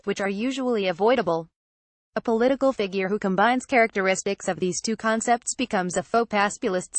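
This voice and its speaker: A woman reading an opinion article aloud as scripted narration, at a measured, even pace. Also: mid-range voice, no echo.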